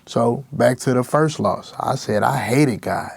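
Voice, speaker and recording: A man's voice: medium pitch, measured pace, creaky, breathy edge, no room sound. A young man, a rapper guest, talking candidly and emotionally in slang-heavy speech. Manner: raw, emotional, slangy with constant "bro". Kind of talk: candid interview talk.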